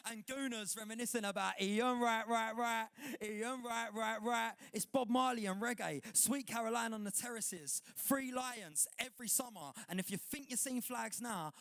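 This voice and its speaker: Young poet on stage, a touch high-voiced, rambles then recites with rhythm, dry close sound. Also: male voice, no room sound. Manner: rambling and chatty between poems, rhythmic when reciting. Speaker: performing poet. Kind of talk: live spoken word performance. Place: indoor poetry night venue.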